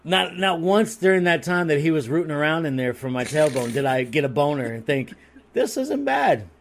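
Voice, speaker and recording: A man telling a story on a podcast in a crude, rambling and animated way, restarting his sentences often. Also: on the high side, brisk. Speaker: podcast co-host. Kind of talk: casual comedic storytelling.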